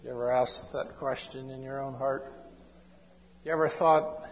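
A man preaching an evangelistic sermon in a church hall, with slow, emphatic, drawn-out phrasing. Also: mid-range voice, fairly even intonation, slight background noise. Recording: dull echoey hall recording.

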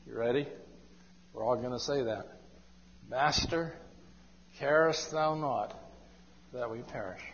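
A man preaching an evangelistic sermon in a church hall, with slow, emphatic, drawn-out phrasing. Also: medium pitch. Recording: dull echoey hall recording.

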